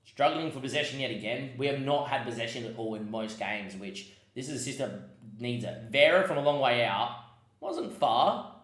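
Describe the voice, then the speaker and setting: A man's voice: medium pitch, expressive, normal speed, fairly bright tone, echoey room. A man giving casual commentary on his football management game, muttering asides and breaking into frustrated outbursts. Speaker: gaming podcast host.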